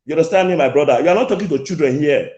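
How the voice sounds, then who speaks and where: An irate caller rings a show, and his fairly high, slightly mellow voice comes through rapid-fire on an echoey lo-fi phone call. He keeps repeating his grievance and interrupts the host.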